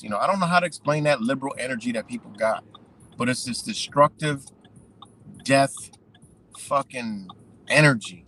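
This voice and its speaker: A man's voice: medium pitch, a little hiss or hum, rough recording. A man giving a profane, rambling unscripted monologue, full of "you know" and "man".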